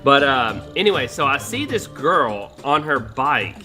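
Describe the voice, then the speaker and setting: A young man hosting a gaming session, telling a profane, animated story over voice chat. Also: mid-range voice, unhurried. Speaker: gaming channel host. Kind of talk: casual voice chat while gaming. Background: background music.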